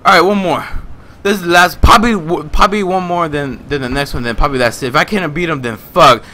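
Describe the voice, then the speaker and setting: A young man gaming at his home desk, out of breath, yelling and cursing at the game in frantic let's-play commentary. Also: on the high side, fast talker, a little hiss or hum. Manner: yells and swears at the game, panting and cursing. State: out of breath and sweaty. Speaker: gaming YouTuber.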